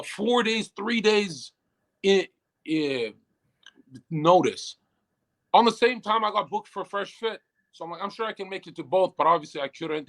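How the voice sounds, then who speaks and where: High-voiced man ranting profanely. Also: fairly bright tone, low-quality recording. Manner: profane, ranting, swings between mutter and outburst. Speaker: interview guest. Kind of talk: casual interview.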